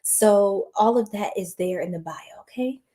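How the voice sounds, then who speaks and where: A woman's voice: medium pitch, normal speed, dark tone. A woman reading tarot on a late-night livestream, chatting with viewers in a giggly, scattered and tired way.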